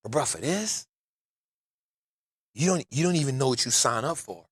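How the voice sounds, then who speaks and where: A man's voice: medium pitch, lively intonation, normal speed, fairly bright tone, breathy edge, no room sound, clean studio sound. A man, telling stories emphatically on a casual podcast, often saying "bro" and "real talk". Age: 40s. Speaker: podcast host.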